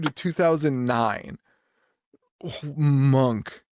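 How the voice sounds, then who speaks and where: A man's voice: mid-range voice, lively intonation, normal speed, dry recording, clean studio sound. A young man co-hosting a casual horror podcast, joking and swearing, often laughing. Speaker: podcast co-host. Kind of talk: casual chat.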